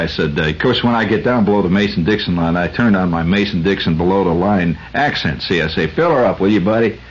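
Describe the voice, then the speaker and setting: A man's voice: deep voice, slightly rough, highs cut off. An American man hosting a radio show, telling a rambling story in a conversational way with many fillers, on a 1970s radio recording. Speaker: radio host. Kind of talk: storytelling monologue.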